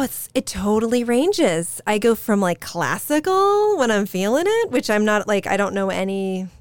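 A woman's voice: medium pitch, dry recording. A woman from Maryland, an artist guest on a podcast, chatting casually and rambling with fillers. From Maryland, USA. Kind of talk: casual chat.

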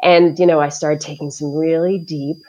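A middle-aged woman with a notably low voice talks through a personal story in casual podcast chat. She is animated and laughs often, mixing self-deprecating asides into her account of work. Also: normal speed. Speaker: school librarian and mindfulness teacher.

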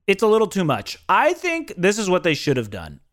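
A man's voice: sits high, brisk. A young adult man co-hosting a podcast, chatting casually and jokingly about a film. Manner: animated, jokey, recapping plot. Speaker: podcast co-host.

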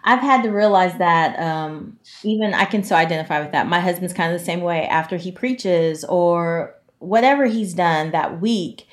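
A woman co-hosting a radio chat, talking about her quiet husband in an emphatic, down-to-earth way. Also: fairly low pitch, moderate pace, few pauses. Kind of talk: casual chat.

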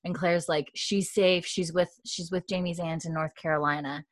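A woman recapping a TV episode in casual chat, quoting characters' lines in a hushed voice and saying "like" a lot. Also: steady tone, normal speed, no room sound, clean studio sound. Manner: retells dialogue in a hushed, lowered voice with frequent "like". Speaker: podcast co-host recapping a TV episode. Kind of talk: casual chat, retelling scenes with quoted lines.

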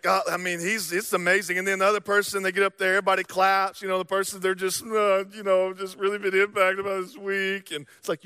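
A young man preaching a sermon, telling stories and acting out voices, swinging from loud to hushed. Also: high-pitched, clean tone, dry recording, studio quality. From American South. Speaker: pastor.

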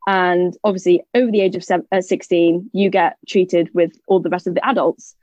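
A young British woman telling a personal story in casual conversation. She is lively and jokey and acts out what other people said. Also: fairly low pitch, normal speed, no echo. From United Kingdom. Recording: dull, slightly lo-fi, dry sound.

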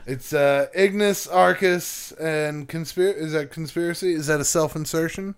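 A podcast co-host chatting casually, excitable and quick to burst into loud outbursts. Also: medium pitch, clear, resonant tone. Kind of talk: casual chat.

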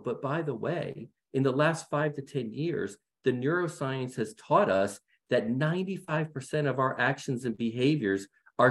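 A middle-aged man speaking as a guest in a panel discussion, earnest and emphatic in a conversational way. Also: mid-range voice.

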